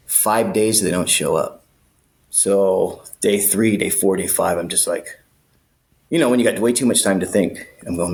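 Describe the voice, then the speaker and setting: A man, a podcast guest, telling a story in a casual, animated way, swearing freely and acting out the people in it. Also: deep voice, normal speed. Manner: animated, profane, acts out voices.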